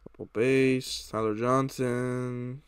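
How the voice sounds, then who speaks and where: A young man takes it slowly as he opens trading card packs and chats with his viewers, his voice mid-range with slight background noise behind it. Still, he comes across as excited and chatty, a YouTuber doing relaxed pack-opening commentary.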